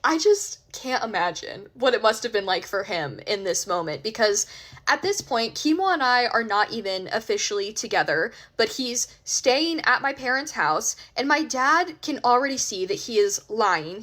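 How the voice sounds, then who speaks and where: Young woman, slightly high voice, casual storytime vlogger, emphatic and exasperated. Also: lively intonation, moderate pace, fairly bright tone.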